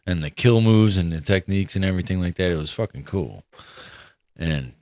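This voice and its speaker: A man's voice: sits low, animated, a little fast, a little mellow, no room sound. A man telling a profane, laid-back story in a casual podcast chat, often laughing. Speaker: podcast co-host.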